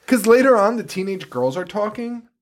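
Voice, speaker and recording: A young man co-hosting a horror podcast in casual chat, swearing freely and laughing often as he recaps scenes. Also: high voice. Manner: profane, laughing, animated storytelling. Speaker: podcast co-host.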